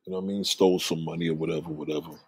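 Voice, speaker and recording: A man telling street stories in a casual monologue, animated, acting out the voices of the people he describes. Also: extremely low pitch, very fast, breathy edge, no echo.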